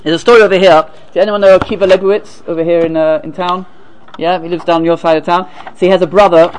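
A man giving a sermon as a rabbi, halting and repeating words, then reading a story aloud. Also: high voice, fairly even intonation, slight background noise, low-quality recording.

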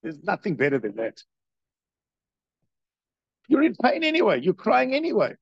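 A man's voice: sits high, moderate pace, gravelly, husky, no room sound, highs cut off. A man teaching a Torah class, reading a text and explaining it with strong emphasis and repetition. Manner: reads Hebrew text, then explains in English with rising emphasis; animated, repeats points for emphasis.

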